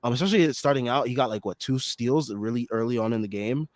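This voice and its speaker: A man's voice: medium pitch, fast talker, dry recording. Chatty young man, dry close sound. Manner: chatty, many fillers, excitable. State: partly hoarse from screaming. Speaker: podcast host. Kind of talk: casual postgame basketball talk.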